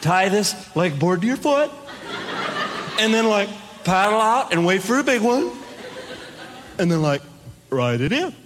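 A man putting on a laid-back, muscular surfer dude who drawls slowly and says "like" in every phrase. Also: high voice, very animated, long reverb tail, background noise.

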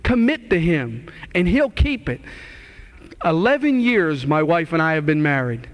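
A man in his forties giving an earnest, animated testimony. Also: a little high, measured pace. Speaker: guest speaker sharing testimony. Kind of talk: testimony talk.

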